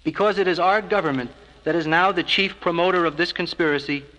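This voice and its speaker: A man giving scripted filmstrip narration as an organization's spokesman, in a measured, earnest, persuasive way. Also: on the high side, bright, forceful tone, in a large hall, rough recording.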